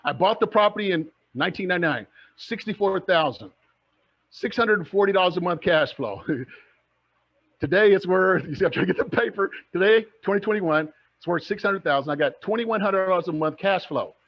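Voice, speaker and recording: A middle-aged man teaching to camera as a coach, energetic and rallying, firing questions at his audience. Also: high-pitched, moderate pace. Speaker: real estate coach. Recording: dull lo-fi recording.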